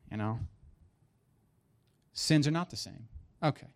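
A man in his thirties preaching a sermon as pastor, animated and joking, building to emphatic punchlines. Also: mid-range voice, measured pace.

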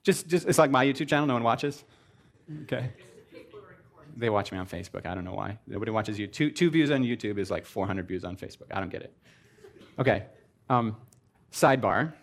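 A man giving a comedic sermon to a live audience, animated and sarcastic, jumping between loud exclamations and mumbled asides. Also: fairly low pitch, brisk, long pauses.

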